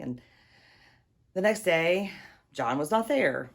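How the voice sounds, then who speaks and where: Give me a low-pitched middle-aged woman telling a story from her teaching days. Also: slow, vocal fry, long pauses. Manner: conversational, lively, acts out quotes. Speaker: drama teacher. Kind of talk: personal storytelling.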